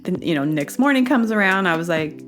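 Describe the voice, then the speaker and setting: A woman's voice: fairly low pitch, a little fast, soft background music. A woman hosting her own show, telling a long casual story with many fillers and restarts, acting out what people said. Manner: acts out quoted dialogue with bursts of excited laughter. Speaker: podcast host.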